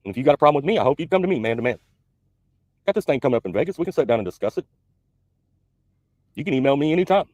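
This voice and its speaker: A truck-driving man delivers a blunt, confrontational rant at a rapid clip. His voice sits mid-range and sounds close and dry, with no room around it. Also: medium pitch, very animated, darkish tone, dry recording, lo-fi sound. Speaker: truck driver YouTuber. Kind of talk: recorded video rant.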